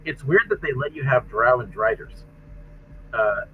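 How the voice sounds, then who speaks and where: A man's voice: medium pitch, expressive, normal speed, narrow, tinny audio, a little hiss or hum. A man running a tabletop game, chatting casually and restarting and repeating words as he goes. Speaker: game master and game designer. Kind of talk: casual chat between tabletop players.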